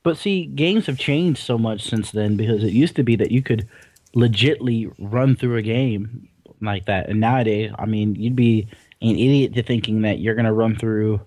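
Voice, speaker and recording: A man's voice: lowish voice, normal speed, darkish tone, no echo. A young man co-hosting a casual gaming podcast, rambling and teasing in a laid-back way. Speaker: podcast co-host.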